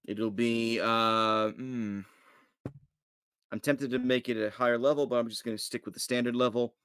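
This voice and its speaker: A male player in an online tabletop game, halting and a little flustered, full of ums and uhs. His voice sits at a middle pitch. The sound is close and dry, with no room around it. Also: flat delivery, a bit bright, clean tone, no room sound. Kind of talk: casual play over voice chat.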